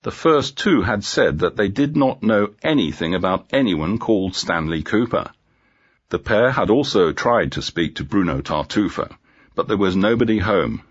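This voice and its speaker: A man narrating a graded-reader story in a clear, measured way. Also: lowish voice, animated. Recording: dull lo-fi audio.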